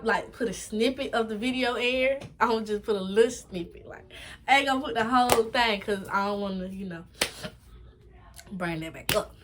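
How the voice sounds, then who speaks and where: A young woman with a New York accent, casually telling a storytime in an animated, chatty, slangy way. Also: background noise. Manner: animated, chatty, slangy retelling with repeated "boom". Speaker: vlogger.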